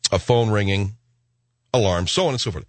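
Man, middle-aged, late-night radio host, animated rambling monologue, dry studio mic. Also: on the low side, brisk, dry recording. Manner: animated storytelling, acts out voices, rambling asides. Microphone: studio microphone.

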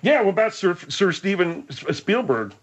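A man's voice: sits high, sing-song, slightly rough, voice pushed up, full character voice. A man voicing a dim-witted, folksy rural sidekick who talks ungrammatically, as a comedy radio bit. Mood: puzzled. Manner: slow-witted, ungrammatical drawl.

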